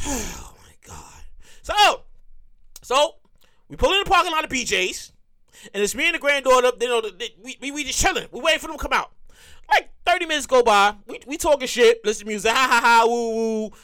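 A man hosting his own comedy show, telling a profane, excitable rant full of repeated lines. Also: very high-pitched, brisk, pauses often. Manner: profane, excitable ranting with lots of repetition.

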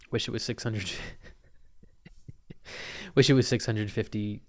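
A man's voice: lowish voice, takes it slowly. Profane, rambling man podcasting solo. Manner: profane, rambling, animated storyteller. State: phlegmy throat. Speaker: podcast host. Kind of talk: casual solo podcast storytelling. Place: Portland. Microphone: podcast mic.

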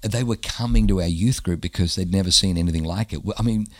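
Very deep, husky man. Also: quick pace, no echo, studio quality. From Australia. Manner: animated storyteller who acts out the quotes of others. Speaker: pastor, interview guest. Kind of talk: storytelling in a casual interview.

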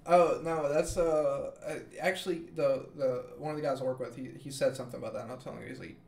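A man's voice: mid-range voice, fairly even intonation, fast, vocal fry, darkish tone. A man hosting a podcast, casually telling a long story, rambling and swearing, with "okay?" and "dude" thrown in. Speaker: podcast host.

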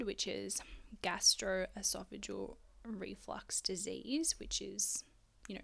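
A woman's voice: mid-range voice, vocal fry, a bit bright. A woman hosting a casual solo podcast, chatty and frank, swearing freely and out of breath. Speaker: podcast host.

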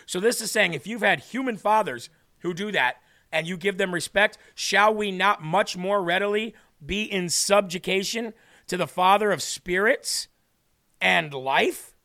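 A man's voice: high-pitched, a little slow, creaky, bright, forceful tone. A man with a Midwestern American accent, hosting a faith show and explaining Bible verses in an earnest, conversational way. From Illinois. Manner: earnest, conversational, reads scripture then explains it. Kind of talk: Bible teaching with casual commentary.

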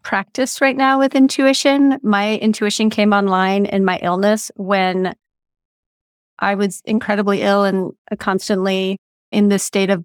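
A woman's voice: medium pitch, little pitch movement, a little slow, vocal fry, smooth, no echo, studio quality. Earnest woman podcast host, reflective. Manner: earnest, reflective, personal storytelling. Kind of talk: conversational interview.

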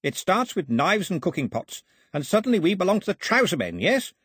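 A man's voice: high voice, very animated, a little fast, a bit bright, breathy edge, dry recording, clean studio sound, pitched above the performer's own voice, full character voice. A man voicing a stern, testy old island priest who speaks curtly and lectures. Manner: curt, suspicious, lecturing.

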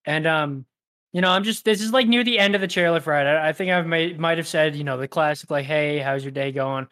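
A young man with a fairly high voice, chatting casually on a podcast. He tells stories in a laid-back, joking way. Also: fast, fairly bright tone. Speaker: podcast co-host. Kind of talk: casual chat.

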